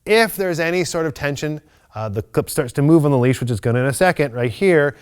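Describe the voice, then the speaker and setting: A man teaching loose-leash walking to a dog on camera, explaining each step calmly and methodically, with bright bursts of praise. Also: a little high, brisk, clean tone. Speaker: dog trainer. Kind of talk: instructional video demonstration.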